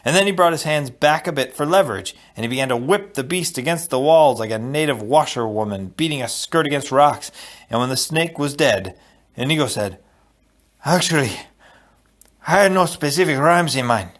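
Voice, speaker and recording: A man reading a novel aloud as audiobook narrator, telling the story expressively and dropping low for asides. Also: animated, a little fast. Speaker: audiobook reader.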